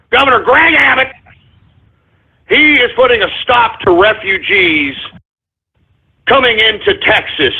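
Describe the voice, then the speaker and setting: A man's voice: high-pitched, breathy edge, exaggerated voice. A man playing a blustering, foul-mouthed Texan talk radio host who rants, curses and stumbles over his words. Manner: ranting, cursing, stumbling over words, drunk-sounding bravado. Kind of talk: parody talk radio rant. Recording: tinny phone-like radio sound.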